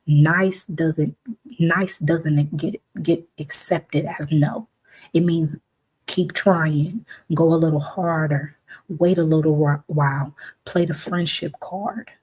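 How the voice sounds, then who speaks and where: A woman's voice: low-pitched, steady tone, slow pace, darkish tone, slightly rough. A woman hosting a reflective talk, speaking emphatically and conversationally, sometimes acting out the voices of the people she quotes. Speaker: host.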